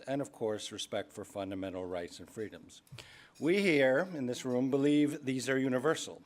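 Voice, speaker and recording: A middle-aged man giving a keynote speech at an awards dinner, halting with fillers and restarts before finding his stride. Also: medium pitch. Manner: hesitant, many fillers and restarts. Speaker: keynote speaker. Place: banquet hall.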